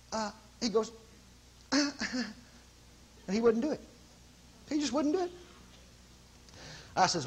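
A middle-aged man preaching, telling a story with animated bursts of loud repeated commands. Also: very high-pitched, takes it slowly, pauses often, husky. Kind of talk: sermon storytelling.

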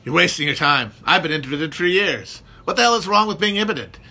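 A man performing a monologue as an embittered aging male hospital doctor, ranting bitterly and building to shouts. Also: on the high side, expressive, a little fast, a little hiss or hum, voice pushed up, heavily acted.

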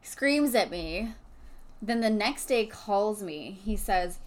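A woman co-hosting a chat podcast, telling a story in an animated, lively way. Her voice sits at a middle pitch and jumps up when she is indignant. She swears freely and laughs along as she talks. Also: slow. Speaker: podcast co-host. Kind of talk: casual chat.

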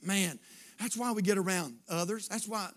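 High, bright fervent preacher. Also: male voice, normal speed. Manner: fervent, repetitive, builds to shouts. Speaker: pastor. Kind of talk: sermon.

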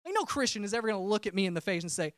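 Lively, expressive male preacher. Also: sits high, racing, no echo, studio quality. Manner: conversational storytelling, self-interrupting. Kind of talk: personal testimony sermon.

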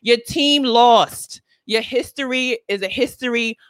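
A woman's voice: a little slow, a bit bright, no echo. Brooklyn woman host, sassy sarcastic commentary, very dry close sound. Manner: sassy, sarcastic, emphatic with swings into high exclamations. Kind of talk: sassy scripted news commentary.

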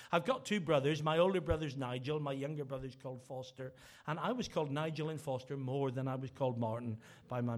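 Guy preaching, middle-aged, bit high voice, earnest, hammers repeated lines. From Northern Ireland. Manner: earnest, builds to emphatic repeated phrases. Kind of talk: sermon.

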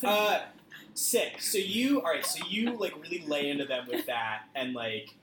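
A woman's voice: low-pitched, normal speed, a crowd in the background. A woman running a tabletop game as game master, laid-back and full of "like" fillers. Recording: echoey room with background noise.

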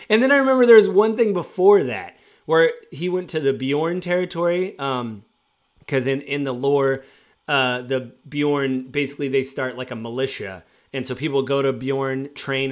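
A man in casual chat, animatedly retelling stories from tabletop games he ran, acting out what players said. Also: mid-range voice. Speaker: former game master.

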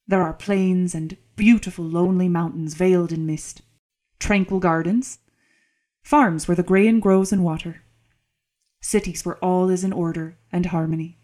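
A woman voicing a gentle foreign monk who speaks with a calm, sing-song lilt in an audiobook. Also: on the low side, close to an everyday voice.

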